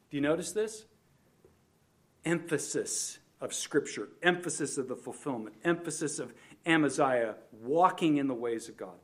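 A man's voice: on the high side, lively intonation, normal speed, a bit bright. A man preaching an expository sermon, explaining a Bible passage verse by verse and leaning hard on emphasis, at times speaking straight to the children listening. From United States. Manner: expository, emphatic on scripture, addresses kids directly. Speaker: pastor.

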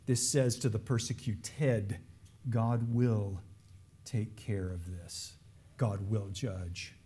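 A man preaching a sermon, earnest, dropping to hushed lines and then rising into raised, pleading emphasis. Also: fairly low pitch, steady tone, slow, breathy edge.

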